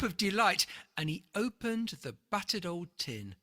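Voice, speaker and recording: A reader telling a rhyming children's picture book in an expressive, rhythmic read-aloud. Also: mid-range voice, a little slow, few pauses, dry recording, studio quality.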